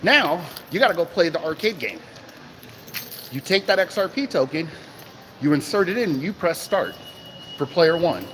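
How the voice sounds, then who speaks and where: This man hosts a casual crypto livestream, speaking into a handheld phone at a moderate pace with frequent pauses. His voice is a little high, there's slight hiss or hum, and keys jangle nearby. Animated, he poses rhetorical questions and welcomes viewers by name.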